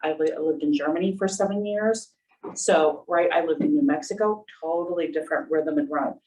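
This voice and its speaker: Low-voiced woman on a distant video call. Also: brisk, dark tone. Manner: earnest, explanatory. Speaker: panelist. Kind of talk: webinar panel talk.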